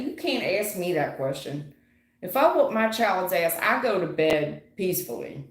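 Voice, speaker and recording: A middle-aged woman doing a live tarot reading, blunt and slangy, teasing and animated as she talks to viewers. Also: mid-range voice, echoey room. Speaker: tarot reader.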